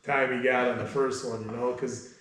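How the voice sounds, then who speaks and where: A man speaking in a casual interview, blunt and fond of telling stories with a joke at the end. His voice sits at an ordinary pitch. The room rings with heavy echo. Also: level tone, a bit bright. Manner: blunt, storytelling, quick to joke. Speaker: personal trainer. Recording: very echoey room.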